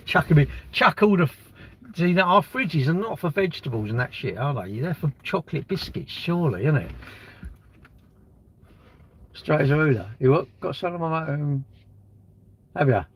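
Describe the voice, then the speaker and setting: Man, fifties, live streamer, rough husky voice, blunt chatty rambling with crude jokes. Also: on the high side, expressive, normal speed, pauses often. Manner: rambling, blunt banter with swearing, answers chat comments. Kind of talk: casual live-stream chat.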